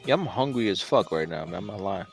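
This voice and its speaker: A man's voice: low-pitched, expressive, fast, creaky, faint music behind. A man co-hosting a casual drawing stream, telling loose, profane stories with big swings in his voice. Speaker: comic artist co-host.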